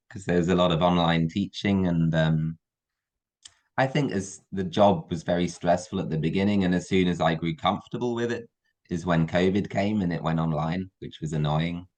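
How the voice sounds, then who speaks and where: A young man in his twenties with an English accent, chatting easily on a video call, relaxed and hesitant with fillers. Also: low voice, normal speed. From England. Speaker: guest, university student. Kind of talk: casual video call chat.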